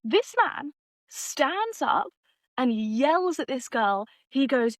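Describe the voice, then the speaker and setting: A woman from London with a London accent, telling a story in a chatty, animated vlog style. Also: high-pitched, slow, no room sound, poor audio. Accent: London English. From England. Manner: animated, chatty, swears casually. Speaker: vlogger.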